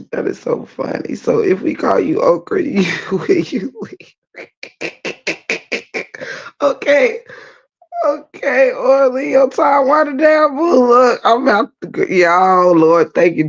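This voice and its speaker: A woman hosting a casual livestream, teasing her viewers, breaking into laughter and loud exclamations. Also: low voice, lo-fi sound. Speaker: livestream host.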